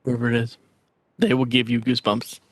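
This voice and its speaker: A man's voice: medium pitch, level tone, a little fast, no echo. A man co-hosting a podcast in casual chat, telling the story with enthusiasm and frequent laughs. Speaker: podcast co-host.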